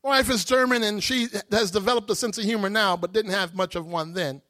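High, bright-voiced man telling a testimony. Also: fairly quick. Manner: animated, dramatic storyteller who acts out voices. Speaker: guest speaker giving testimony. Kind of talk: storytelling sermon testimony.

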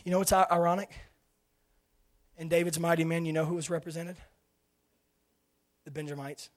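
A man preaching an impassioned sermon, swinging between fervent shouting and hushed, quiet passages. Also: fairly high pitch, fairly even intonation, moderate pace.

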